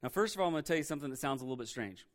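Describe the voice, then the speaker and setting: A man's voice: mid-range voice, expressive, racing. A man preaching a candid, conversational sermon, often repeating words as he presses a point. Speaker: pastor.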